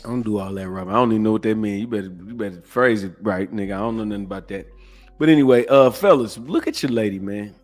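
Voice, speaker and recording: A man's voice: fairly low pitch, fast talker, faint music behind. A man hosting a podcast, giving profane, preachy reaction commentary. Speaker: podcast host.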